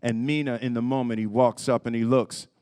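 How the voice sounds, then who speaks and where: A man in his fifties answering questions at a press conference, moving from reflective talk to animated storytelling. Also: mid-range voice, fairly quick, clear, resonant tone. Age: 50s. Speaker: lead actor at a press conference.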